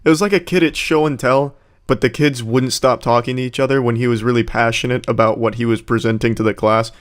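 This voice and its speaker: A man giving sarcastic, deadpan commentary on a rap battle video. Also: mid-range voice, fast talker. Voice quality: deadpan and mocking.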